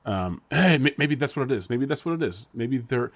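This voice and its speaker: A man's voice: medium pitch, expressive, normal speed. A man co-hosting a podcast in casual chat, rambling and speculating with frequent laughter. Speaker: podcast co-host.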